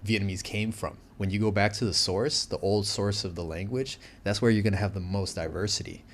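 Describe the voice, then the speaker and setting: Chatty, animated man, fairly low voice. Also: brisk, a little hiss or hum. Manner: animated, chatty, uses many fillers. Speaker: guest. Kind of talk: casual interview chat.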